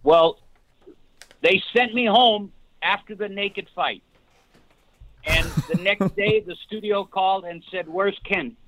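An older man, a guest actor, telling rambling, animated stories with many restarts in a casual podcast chat. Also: sits high, takes it slowly, long pauses, no echo. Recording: tinny phone-line audio, dry.

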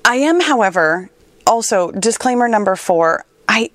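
A woman's voice: mid-range voice, animated, normal speed, no echo. Tearful woman podcast host, dry mic. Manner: emotional, tearful, laughs often, repeats words while searching for them. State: on the verge of tears. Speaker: podcast host and fitness trainer. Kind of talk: personal podcast monologue.

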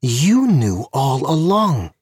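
A man voicing a sharp-tongued woman KGB agent and sorceress in an audio story, mocking and scolding. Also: mid-range voice, expressive, normal speed, breathy edge, no room sound, clean studio sound, pitched above the performer's own voice.

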